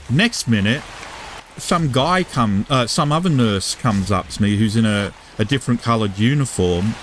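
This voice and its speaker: Low-voiced British man telling a rambling story. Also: slight background noise. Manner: casual, full of fillers and restarts, swears freely. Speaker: gaming live streamer. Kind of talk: rambling anecdote while streaming.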